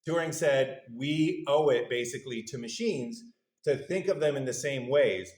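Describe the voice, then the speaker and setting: A man giving a university lecture at a middle pitch, conversational and good-humored, turning to the audience with questions. The room is roomy and echoes around him. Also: moderate pace, darkish tone. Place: lecture hall.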